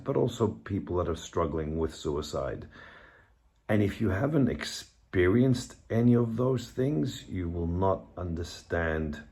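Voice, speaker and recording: Bereaved father, low voice, slow delivery, reflective and halting, talking to camera at home. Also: a little mellow. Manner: halting, reflective, with restarts and pauses. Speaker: bereaved father sharing his story. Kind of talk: personal video monologue. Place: hallway of his home, indoors.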